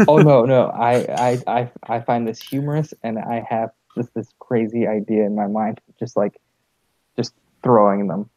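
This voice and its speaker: An excitable man playing a tabletop game, stammering and swearing as he jokes. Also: fairly low pitch, normal speed, muffled recording, a little hiss or hum. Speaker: player. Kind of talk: casual tabletop game chat.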